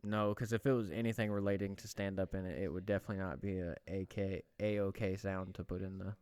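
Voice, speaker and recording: Low-voiced, laid-back male podcast host. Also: level tone, fast, darkish tone, clear, resonant tone. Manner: laid-back, rambling, says he is worn out. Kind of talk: casual chat.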